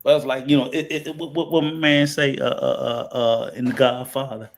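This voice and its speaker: A man in his fifties chatting casually on a podcast, halting with many fillers and restarts, then ranting with heat. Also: medium pitch, little pitch movement, a little hiss or hum. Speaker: podcast host.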